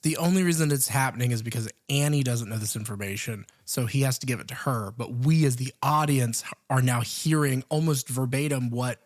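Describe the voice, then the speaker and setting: A man co-hosting a podcast, casually sharing cast trivia and backing up his partner in a relaxed way. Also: medium pitch, fairly quick, few pauses. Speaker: podcast co-host. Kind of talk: casual film review chat.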